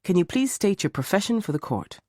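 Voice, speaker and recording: A man's voice: high-pitched, big pitch swings, brisk, darkish tone, no echo, clean studio sound, voice pushed up. A man voicing a male defence barrister who questions a witness sharply and persistently. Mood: probing. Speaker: defence lawyer.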